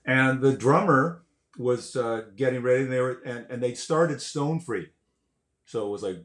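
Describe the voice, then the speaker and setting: An older man, a guest musician, telling stories in a casual way, animated and swearing, acting out quotes and sounds. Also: medium pitch, normal speed. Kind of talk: casual storytelling. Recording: roomy echo.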